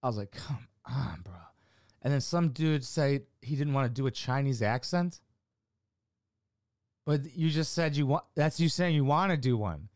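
A man's voice: fairly high pitch, normal speed, darkish tone, no echo. Rambling, profane man chatting dry. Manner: rambling, profane, many fillers. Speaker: amateur stand-up comic. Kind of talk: casual vlog chat.

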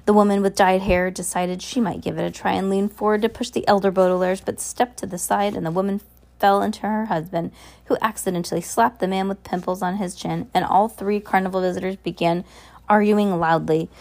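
A woman's voice: medium pitch, fairly even intonation, fairly quick, vocal fry, darkish tone. A woman reading a novel aloud, now and then stumbling and correcting herself.

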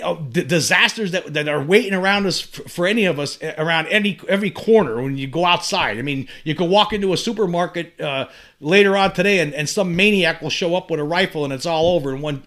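A man's voice: on the high side, a bit bright. A man in his fifties talking on his own, rambling and impassioned, often repeating words and restarting sentences as he builds to urgent appeals. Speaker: channel host. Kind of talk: monologue to camera.

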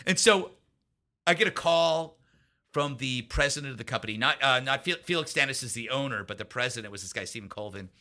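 A man as an interview guest, telling a story in an animated way, laughing often and acting out what other people said. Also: medium pitch, brisk. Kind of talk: storytelling anecdote in a conversational interview.

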